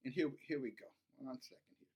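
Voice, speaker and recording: A man's voice: mid-range voice, steady tone, fast talker, dull audio, a little hiss or hum. A middle-aged man giving emphatic, repetitive commentary in a preachy vlog. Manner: emphatic, repetitive, rising to heated. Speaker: online commentator.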